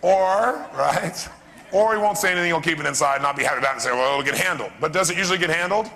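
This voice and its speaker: A man giving an animated live seminar talk as a motivational speaker, often quizzing his audience with questions. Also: high voice, fast, creaky. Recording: long reverb of a seminar hall.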